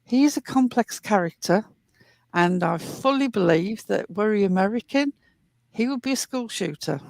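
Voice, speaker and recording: A woman hosting a commentary show, walking through a clip in an earnest, deliberate way. Her voice sits in a middle register and sounds dry and close. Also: mid-range voice, expressive, vocal fry, dry recording. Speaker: commentary host.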